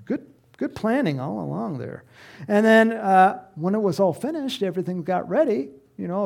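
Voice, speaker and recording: A middle-aged man preaching a sermon, telling a parable in a lively storytelling way and acting out the voices of the people in it. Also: sits high, creaky. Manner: animated storytelling, acts out voices, laughs often. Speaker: pastor.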